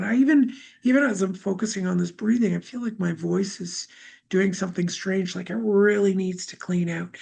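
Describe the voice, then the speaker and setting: A middle-aged woman leading a live healing session, talking gently and musingly about feelings and breath, with many fillers. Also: mid-range voice, creaky, husky. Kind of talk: guided healing talk.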